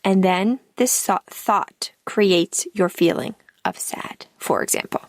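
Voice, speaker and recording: A woman life coach hosting her podcast, speaking in a calm, deliberate scripted monologue, and her line ends often trail off into breath. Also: medium pitch, no room sound, studio quality.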